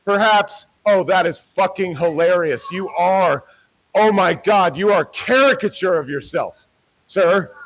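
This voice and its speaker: A man filming a street vlog, switching between low muttered asides to the camera and sarcastic, mock-formal heckling. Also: unhurried, a bit bright, rough recording. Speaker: protester filming himself.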